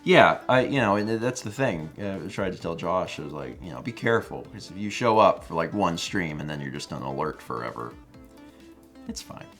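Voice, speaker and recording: A man co-hosting a live stream, chatting casually and reading out viewer messages in an animated, playful way. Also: low voice, a little fast, faint music behind. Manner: animated, playful, puts on silly voices when quoting. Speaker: co-host of a live stream show.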